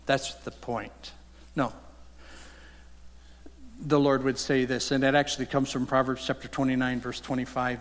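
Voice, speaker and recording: A man preaching a sermon as pastor, earnest, climbing sharply in pitch when he voices rebukes. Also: little pitch movement, moderate pace. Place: church sanctuary. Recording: long hall reverb.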